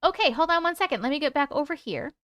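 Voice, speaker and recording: Chatty high-voiced New York woman. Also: expressive, quick pace, a bit bright, no echo. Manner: chatty, rambling, greets viewers by name, casual swearing. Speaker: livestream host and storyteller. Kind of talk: casual livestream chat.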